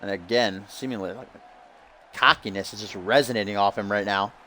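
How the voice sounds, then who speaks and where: A man giving lively play-by-play commentary on a video game wrestling match, getting loud at big moments. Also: fairly low pitch, brisk, a little hiss or hum. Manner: excitable, shouts at big moments.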